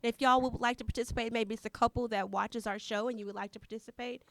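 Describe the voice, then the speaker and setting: A woman co-hosting a casual podcast, chatty and quick to laugh, talking straight to her listeners. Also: on the high side, fairly even intonation, a bit bright, no echo. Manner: chatty, laughs easily, addresses listeners as y'all. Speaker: podcast co-host. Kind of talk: casual chat. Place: Houston.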